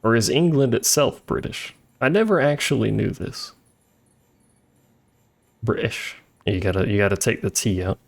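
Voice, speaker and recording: A man streams a game, joking casually with his viewers and chatting with them as he plays. His voice sits on the low side, with a sing-song, creaky quality, and he talks fairly quickly with few pauses. Faint game music plays in the background.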